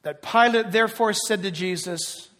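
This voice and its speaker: A man preaching a sermon, dramatic, swinging from loud declarations to hushed, near-whispered lines. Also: high voice, moderate pace. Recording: long reverb of a large hall.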